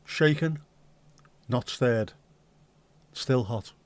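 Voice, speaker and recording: A man's voice: medium pitch, extremely slow, dry recording. A man hosting a casual livestream, chatting with viewers and reading out their comments in rambling, dry, joking banter. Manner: dry, rambling banter, slips into silly voices. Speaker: livestream host.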